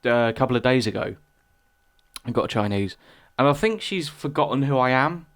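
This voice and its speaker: Young man, podcast co-host, relaxed and rambling, average pitch. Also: a little fast. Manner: relaxed, rambling, many restarts. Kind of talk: casual chat.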